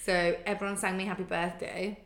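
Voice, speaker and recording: A woman's voice: lowish voice, a little fast. A woman in her thirties chatting casually as a guest, animatedly acting out what other people said. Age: 30s. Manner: animated, quotes people in exaggerated voices. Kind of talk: casual chat. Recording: roomy echo.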